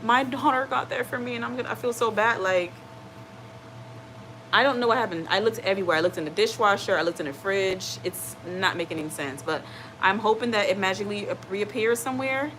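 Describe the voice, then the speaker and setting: A woman with a medium-pitched, fairly bright voice talks fairly quickly as she hosts a casual live stream. She rambles, reads viewer comments and reassures people, often checking in with "okay?". The recording is rough, with slight background noise.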